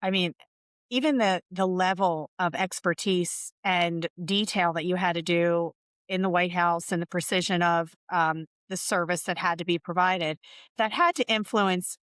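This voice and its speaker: A woman hosts a casual interview podcast, asking chatty follow-up questions. Her voice sits at an ordinary pitch and the sound is dry and close. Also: steady tone, normal speed, a bit bright, clear, resonant tone, dry recording. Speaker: podcast host.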